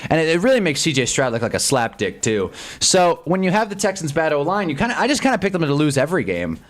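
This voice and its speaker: A man streaming live sports commentary who swings between loud yelps and low mutters and chats with his viewers' comments. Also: big pitch swings, quick pace. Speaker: streamer hosting a live game watch-along.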